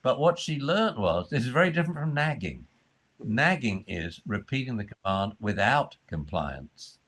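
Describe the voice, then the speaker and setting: A man's voice: normal speed, breathy edge. A man explaining dog training in a conversation, acting out the voices he uses with dogs. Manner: acts out high fussy voices and low calm commands.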